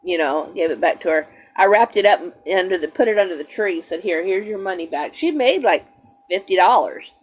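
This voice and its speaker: A woman's voice: fairly low pitch, expressive, brisk, slightly rough. A middle-aged woman hosting a livestream, telling stories in casual chat and greeting viewers. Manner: chatty storyteller, greets viewers. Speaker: livestream host.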